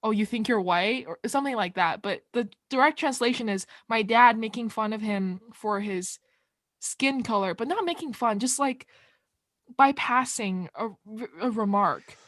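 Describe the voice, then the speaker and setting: A woman who grew up in China, telling a story in casual chat with many fillers and pauses. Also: on the high side, lively intonation, fairly bright tone, no echo, studio quality.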